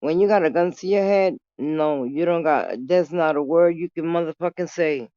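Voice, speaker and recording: A woman telling a story casually on her vlog, animated and full of swearing. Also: low-pitched, moderate pace, dry recording, lo-fi sound. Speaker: vlogger.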